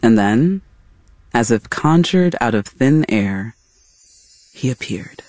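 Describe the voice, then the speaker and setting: Measured male documentary narrator. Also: mid-range voice, lively intonation, a little mellow. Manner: measured, dramatic storytelling delivery.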